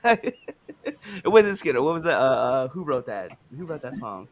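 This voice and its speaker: A man in full rant mode on a casual livestream podcast, talking at a middle pitch with lots of swings in emphasis. He swears freely and pushes his points hard, heard through a home video-call setup. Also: moderate pace, crowd noise. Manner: animated, ranting, swears freely. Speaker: podcast co-host.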